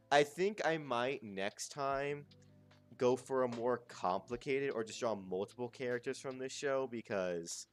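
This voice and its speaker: A man's voice: mid-range voice, smooth. A man chatting casually to his stream as he draws, rambling, muttering and swearing. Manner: rambling, muttering to himself, crude slang. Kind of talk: casual chat while drawing.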